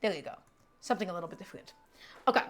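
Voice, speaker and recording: A woman's voice: lowish voice, lively intonation, very fast, soft background music. A woman hosting a live cooking stream, chatting casually with viewers and repeating her instructions as she works.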